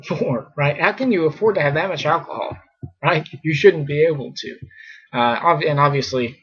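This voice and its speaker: A man's voice: mid-range voice, fairly bright tone, husky. A man teaching scripture in a casual, conversational way, full of fillers and mock exasperation. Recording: muffled lo-fi recording.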